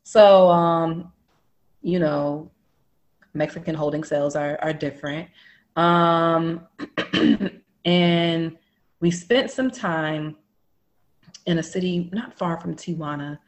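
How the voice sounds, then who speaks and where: A woman spins a long personal story in casual chat, jumping up into loud, lively quotes of everyone involved. She swears freely and keeps the tale moving. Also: low voice, slow, pauses often. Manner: animated, quotes people in raised voices, swears freely. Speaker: storyteller guest.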